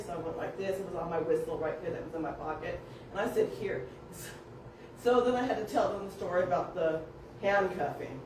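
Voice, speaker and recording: A woman's voice: medium pitch, fairly quick, slight background noise. Woman telling a story in a distant echoey room. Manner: animated, acts out quoted voices, laughs often. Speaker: family member telling stories. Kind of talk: casual storytelling.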